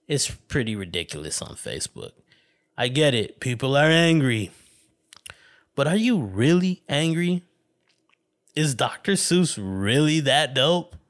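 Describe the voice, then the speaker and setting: A man's voice: medium pitch, big pitch swings, unhurried, long pauses. A man hosting a solo podcast, rambling casually, swearing constantly and laughing often. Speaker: podcast host.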